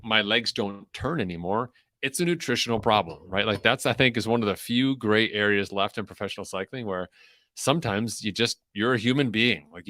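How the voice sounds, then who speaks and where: A man's voice: on the low side, pushed and bright, dry recording, clean studio sound. A young adult man hosting a podcast in a loose, rambling way, full of fillers and restarts. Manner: rambling, filler-heavy, self-interrupting. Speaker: podcast host. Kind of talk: casual chat.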